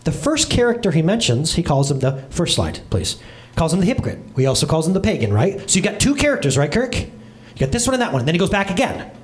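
A man's voice: a little high, big pitch swings, fast. A man preaching a casual, joking sermon as a pastor, chatting with his congregation by name and with viewers online. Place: church service with congregation and livestream.

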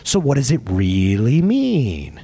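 Animated male pastor preaching. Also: mid-range voice, slow pace, breathy edge. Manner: animated, emphatic, talks to the congregation directly; asks for slides during the talk. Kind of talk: sermon.

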